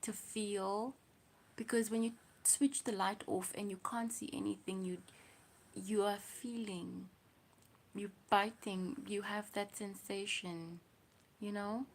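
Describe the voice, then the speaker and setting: A young woman with a South African accent, hosting a casual livestream, musing slowly and often sinking to a whisper as she reads comments. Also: medium pitch, fairly even intonation. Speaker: livestream host.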